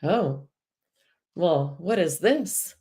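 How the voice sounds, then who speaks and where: A woman's voice: fairly low pitch, lively intonation, drawn-out words, mellow. Woman doing a wide-eyed little rebel acorn. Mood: curious. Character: small, adventurous rebel acorn.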